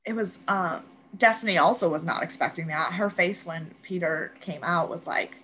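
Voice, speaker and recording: A woman's voice: lowish voice, moderate pace, low-quality recording. A woman co-hosting a podcast, casually recapping a TV episode and acting out what the characters said. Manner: animated retelling, quoting characters. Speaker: podcast co-host.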